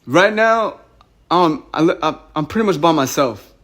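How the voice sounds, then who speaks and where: A man's voice: on the high side, expressive, moderate pace, fairly bright tone. A young man on a phone call, agitated and rambling, who often repeats himself. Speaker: caller.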